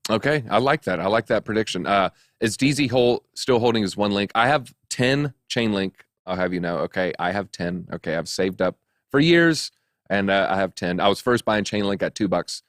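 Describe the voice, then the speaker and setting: A man's voice: fairly low pitch, expressive, moderate pace, a bit bright, no echo, clean studio sound. A man hosting a crypto news show, talking casually in a chatty, joking, rambling way with lots of fillers. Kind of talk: casual chat.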